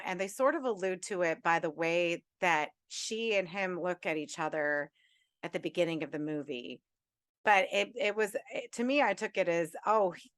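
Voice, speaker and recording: A woman's voice: lowish voice, fairly bright tone, dry recording, clean studio sound. A woman co-hosting a podcast in casual chat, chatty, often restarting her sentences and laughing easily. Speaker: podcast co-host.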